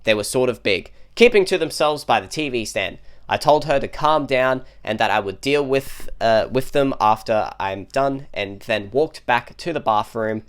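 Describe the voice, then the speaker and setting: A man's voice: medium pitch, expressive, moderate pace, few pauses, smooth. A man co-hosting a comedy show, reading online posts aloud in a casual way, with laughs and jokey asides. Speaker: co-host reading online stories.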